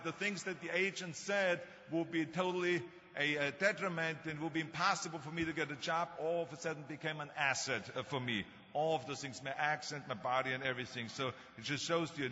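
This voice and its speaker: A man in his sixties with a German accent delivers a commencement speech full of jokes and anecdotes, stressing his points firmly. His voice is bright and sits somewhat high for a man. It echoes through a long reverberant hall on slightly dull, lo-fi sound. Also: fairly quick. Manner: anecdotal, joking, emphatic. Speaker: commencement speaker.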